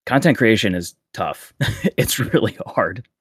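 A young man talking as a guest on a podcast, rambling in a relaxed way with frequent laughs and fillers. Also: lowish voice, unhurried, breathy edge, dry recording. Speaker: guest content creator. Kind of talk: casual podcast chat.

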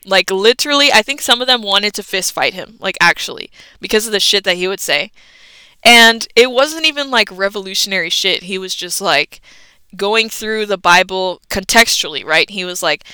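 A woman's voice: mid-range voice, lively intonation, moderate pace, bright, forceful tone, clear, resonant tone, no room sound, low-quality recording. A young adult woman hosting a podcast, telling a story in a chatty, casual way and swearing freely. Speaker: podcast host.

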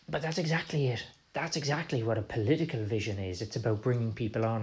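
A man with an Irish accent, hosting a history podcast and explaining at length in an animated way, with frequent restarts. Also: mid-range voice. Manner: animated, acts out quoted voices, frequent restarts. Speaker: podcast host.

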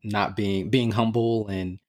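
A man with a fairly low voice talks in a measured, agreeable way in casual podcast chat, laying out his points and telling stories at an even pace. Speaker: podcast co-host.

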